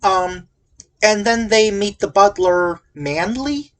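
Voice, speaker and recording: A woman's voice: medium pitch, slow pace. A woman hosting a casual podcast, recapping a movie in a rambling, jokey way full of tangents and asides. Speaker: podcast host reviewing a movie. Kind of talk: casual chat.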